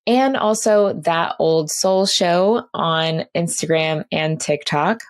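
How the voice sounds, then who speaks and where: A woman hosting her own podcast, speaking slowly and unhurriedly. She sounds earnest and a little gushing, repeating words as she thanks listeners and signs off. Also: on the low side. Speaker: podcast host. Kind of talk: casual podcast sign-off.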